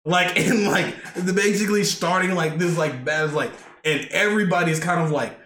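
A man's voice: on the high side, moderate pace, a bit bright. A man co-hosting a podcast, retelling events in a rambling way, stuffed with "like" and "basically". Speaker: podcast co-host. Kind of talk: casual chat. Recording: echoey room with faint noise.

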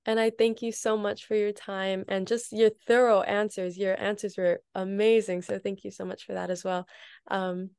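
A woman interviewer asks her final question and thanks her guest with appreciation. Her voice sits at a middle pitch in a dry, close recording. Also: flat delivery, normal speed, darkish tone, clear, resonant tone, no room sound. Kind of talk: casual interview.

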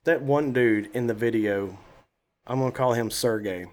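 A man's voice: medium pitch, normal speed. A man co-hosting a podcast in playful, joking casual chat. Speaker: podcast co-host.

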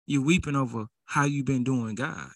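A man's voice: mid-range voice, moderate pace, no room sound. A man preaching a sermon in a casual, conversational way that builds into fervent exhortation.

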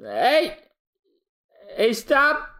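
A woman voicing a panicky young male sharpshooter, reading a comic aloud and shouting frantically. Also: high voice, huge pitch swings, very slow, voice pushed up, full character voice.

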